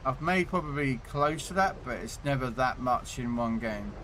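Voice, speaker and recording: A man's voice: mid-range voice, animated, moderate pace, a bit bright, a little hiss or hum. Rambling male game streamer. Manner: rambling, repeats words while thinking aloud. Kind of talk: casual gameplay commentary. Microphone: desktop condenser mic.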